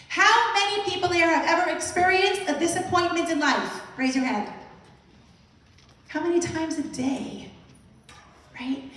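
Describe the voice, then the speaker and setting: In a big hall at a museum event, a high-voiced woman from Brooklyn, US, delivers lively motivational storytelling, acting out how she reacted and putting questions to the crowd. She is an inspirational speaker, heard distantly amid the hall's echo.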